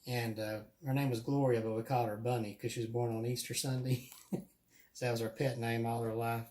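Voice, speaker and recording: A man's voice: mid-range voice, level tone, fairly quick, warm tone. Man, casual storyteller, chatty, laughs often, voice of medium height. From Alabama. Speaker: guest telling ghost stories.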